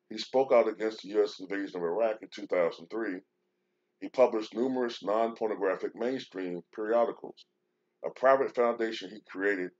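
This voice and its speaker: A man hosting a show, talking casually and reading out a news article, with many fillers and restarts. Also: lowish voice. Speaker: show host. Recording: dull lo-fi sound.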